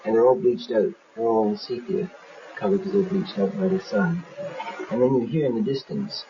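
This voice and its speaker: A man's voice: mid-range voice, normal speed. Man animatedly explaining his film. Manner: animated storyteller, acting out scenes. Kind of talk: casual explanation in an interview. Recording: muffled, slightly hissy archive tape.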